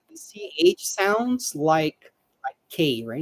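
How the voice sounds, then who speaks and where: A woman teaching a live online English lesson, patiently repeating words slowly for pronunciation. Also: sits low, very animated, no echo, poor audio.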